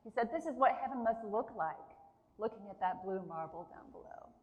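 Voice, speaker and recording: A woman preaching a sermon in a church, earnest and emphatic, with slow pauses between phrases. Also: mid-range voice, lively intonation, muffled recording. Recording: long hall reverb.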